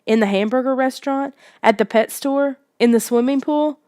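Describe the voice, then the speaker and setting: A woman's voice: high-pitched, normal speed, mellow, clear, resonant tone, dry recording, clean studio sound, pitched above the performer's own voice, lightly acted. A woman voicing a frightened young kid who stammers and pleads in a raised voice. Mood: accusing.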